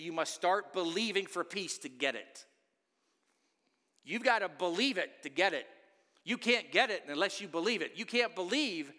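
A man preaching an Easter sermon as a pastor, swinging into loud pleading outbursts between quieter stretches. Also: fairly high pitch. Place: church sanctuary. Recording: long church reverb.

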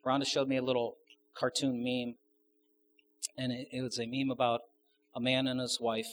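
A man's voice: mid-range voice, level tone, moderate pace. A man preaching a sermon to his congregation, conversational, asking the audience questions and adding joking asides. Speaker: pastor.

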